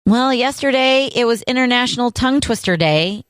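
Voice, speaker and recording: A woman's voice: a little high, lively intonation, normal speed, clear, resonant tone, no echo, clean studio sound. A woman co-hosting a podcast, teasing her partner and leading the segment in casual chat. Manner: teasing, upbeat, leads the segment. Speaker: podcast co-host.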